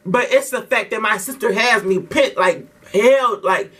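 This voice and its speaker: A man's voice: high voice, measured pace, bright, forceful tone, recorded from a distance. A man telling a story casually to his vlog audience, slangy and profane, with lots of restarts. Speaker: vlogger.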